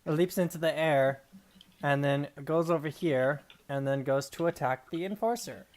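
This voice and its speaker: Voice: mid-range voice, normal speed, a little mellow. A player in a tabletop game over voice chat, rambling and restarting sentences. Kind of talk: casual tabletop play.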